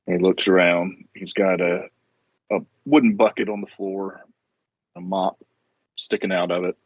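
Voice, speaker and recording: Male player, lower voice, descriptive theatrical narration; dull dry recording. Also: slightly rough, no room sound. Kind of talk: narrating his character in a tabletop game.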